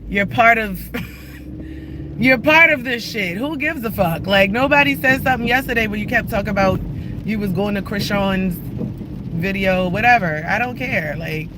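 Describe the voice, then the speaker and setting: A man's voice: high voice, expressive, moderate pace. A man live-streaming from his car while driving, ranting in a profane, combative way at his viewers. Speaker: livestreamer. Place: inside a moving car. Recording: loud car road noise.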